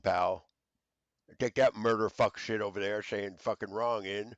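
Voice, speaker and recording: A man's voice: fairly low pitch, steady tone, a little slow, no echo, lo-fi sound. A man in an angry, profane rant to camera, stammering through fillers and hurling accusations. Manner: shouting accusations, stammering fillers, heavy cursing.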